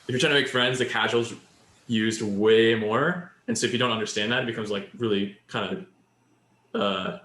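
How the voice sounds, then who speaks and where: A man's voice: lowish voice, fairly even intonation, normal speed, a bit bright, reverberant. A man co-hosting a podcast, explaining Japanese in casual chat and building example after example. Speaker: podcast co-host.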